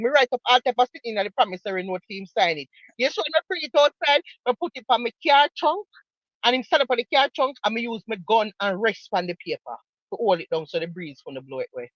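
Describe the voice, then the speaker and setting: A woman's voice: a little high, lively intonation, quick pace, no room sound, muffled recording. A woman with a Jamaican accent giving casual commentary, emphatic and mocking, repeating her points for effect. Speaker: online commentator.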